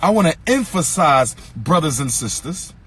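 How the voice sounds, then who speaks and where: Fiery, husky-voiced man preaching in repeats. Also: a little high, big pitch swings, moderate pace. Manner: preacher-like cadence, repeats lines for emphasis, rises to shouts. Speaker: lecturer. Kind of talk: impassioned speech to an audience.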